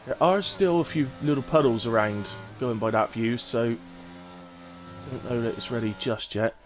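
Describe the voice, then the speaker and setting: A young man with a West Country English accent, commentating a sim race on a live stream and chatting with viewers, in a relaxed way full of fillers and self-corrections. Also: medium pitch, measured pace, soft background music. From England.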